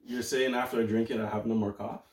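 A man's voice: on the low side, little pitch movement, quick pace, distant mic, noisy background. A man co-hosting a podcast, goofy and teasing in casual banter. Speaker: podcast co-host. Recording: roomy sound from off-mic.

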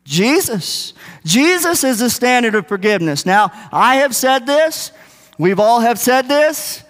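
A man's voice: extremely high pitch, sing-song, measured pace, a bit bright. A man preaching a sermon, earnest and emphatic, repeating his key points. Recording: long reverb of a hall.

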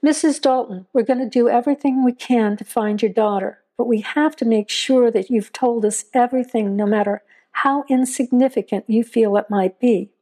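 A woman's voice: a little high, close to an everyday voice. A woman voicing a seasoned small-town sheriff who speaks evenly and carefully. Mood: measured. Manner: even, measured.

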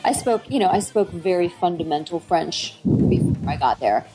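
A woman's voice: lowish voice, expressive, moderate pace, warm tone, soft background music, poor audio. A middle-aged woman, an actress and dialect coach, chatting eagerly in an interview with lots of fillers and restarts. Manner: enthusiastic, rambling, many fillers and restarts. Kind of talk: casual interview chat.

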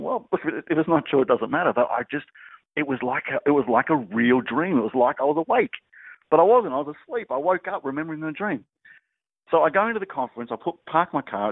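A man's voice: mid-range voice, no room sound. Man on a tinny line. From Australia. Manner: animated storyteller, laughing through anecdotes. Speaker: grief researcher and guest. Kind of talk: casual storytelling chat. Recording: dry, tinny phone-like line.

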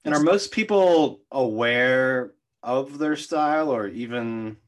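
A man's voice: mid-range voice, slow pace. A man hosting a podcast interview, asking short, easygoing questions. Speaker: podcast host. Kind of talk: conversational interview.

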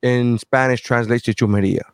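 A man's voice: mid-range voice, fairly even intonation, normal speed, clean tone, no echo. Profane man hosting a podcast. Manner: profane storytelling, quoting himself loudly. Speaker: podcast host. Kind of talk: casual podcast chat.

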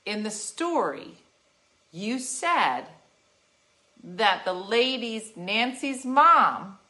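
A woman's voice: fairly high pitch, very animated, extremely slow, pushed and bright, full character voice. A woman acting out her grown daughter, who talks in an insistent, wheedling way.

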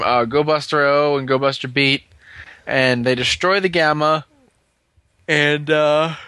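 A man recapping a TV episode in casual chat, rambling with many fillers and quick acted-out quotes. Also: medium pitch, bright, forceful tone, dry recording. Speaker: podcast co-host recapping an episode.

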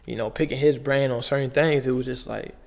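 Laid-back gravelly young man telling stories. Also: medium pitch, steady tone, fairly quick, big-room sound. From Canada. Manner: laid-back slang-heavy storytelling. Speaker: guest, basketball player. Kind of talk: casual podcast storytelling.

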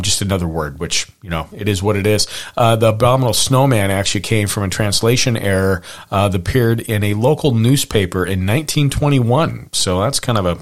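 A man hosting a podcast, chatting casually from his notes with plenty of fillers and wry little asides. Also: lowish voice. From Pacific Northwest. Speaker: podcast host. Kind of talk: casual chat reading from notes.

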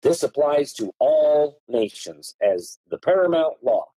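A man lays out points of law in a lively, swooping voice, leaning hard on certain words so they stand out. His tone is mellow and a little husky, and the recording is close and dry. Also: fairly high pitch, measured pace, no echo, rough recording. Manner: emphatic, hammers key words with tone changes. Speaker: guest. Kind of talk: explaining common law, reading statutes aloud.

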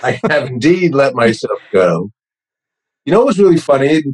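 A man's voice: mid-range voice, very animated, moderate pace, slightly rough, rough recording. A man in his sixties with a New York accent, a podcast guest telling wry, self-deprecating stories. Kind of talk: casual interview chat.

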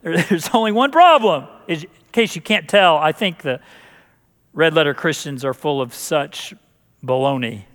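High-voiced preacher in a reverberant hall. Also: male voice, animated, normal speed, a bit bright. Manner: jokey, with repeated words and restarts. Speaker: pastor. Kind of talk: sermon.

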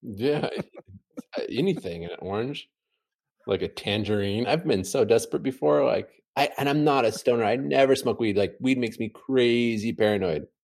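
A man chatting casually from home, telling an animated, rambling story full of fillers. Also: mid-range voice, moderate pace, vocal fry. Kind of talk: casual chat.

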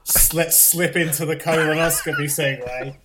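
A man's voice: a little high, fairly even intonation, moderate pace, over a noisy crowd. A man from the UK whose accent has drifted toward American, chatting casually and telling stories, often repeating his first words before a sentence gets going. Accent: mixed British and American. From United Kingdom. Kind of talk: casual chat.

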